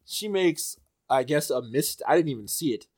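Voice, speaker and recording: A man hosting a podcast in casual chat, halting with fillers and laughing often. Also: mid-range voice, darkish tone, breathy edge. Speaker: podcast host.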